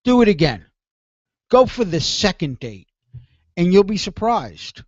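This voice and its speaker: A man's voice: sits high, big pitch swings, a little slow, no room sound, muffled recording. A man hosting a call-in radio show, talking in a rambling, self-deprecating way and often repeating himself. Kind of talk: confessional call-in radio monologue.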